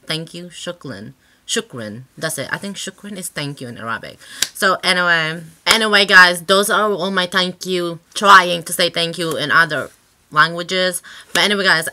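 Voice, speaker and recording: A woman's voice: sits low, pushed and bright. A woman hosting her own channel in a casual vlog chat, rambling and sassy, swearing freely with lots of filler words. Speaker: channel host.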